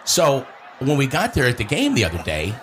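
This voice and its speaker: A man's voice: mid-range voice, a little fast, a little hiss or hum. A man, telling a story in casual chat as host and acting out quotes in a raised voice. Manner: animated, acts out quotes in a raised voice.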